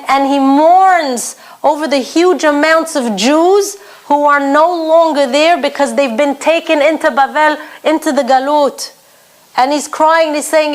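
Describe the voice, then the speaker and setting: A woman teaching a Torah lesson for women, earnest and emphatic, her talk full of Hebrew terms. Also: sits high.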